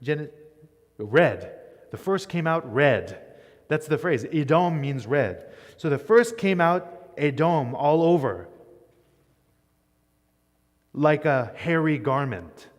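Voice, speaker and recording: A man's voice: fairly high pitch, expressive, takes it slowly, pauses often. Man teaching in a reverberant hall. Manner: conversational, keeps asking "right?". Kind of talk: classroom Bible lecture. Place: church.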